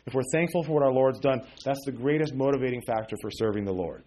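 Male pastor, middle-aged, mid-pitched voice, chatty sermon delivery, frequent fillers, emphatic rises. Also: fast, a little mellow. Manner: conversational preaching with many fillers and asides.

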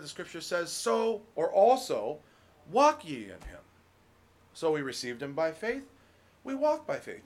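A middle-aged man preaching a relaxed, conversational sermon as pastor, folksy, full of restarts and "you know.". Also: a little high.

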